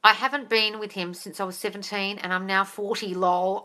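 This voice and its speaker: A woman's voice: mid-range voice, fairly even intonation, moderate pace, bright, forceful tone. A woman, hosting a live-stream Q&A as a manifestation coach. She reads out viewers' comments and answers them in a bubbly way, squealing and laughing often.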